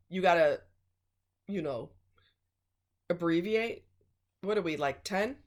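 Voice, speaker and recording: A woman's voice: medium pitch, expressive, measured pace, long pauses. A woman vlogger giving blunt relationship advice in a casual, emphatic monologue.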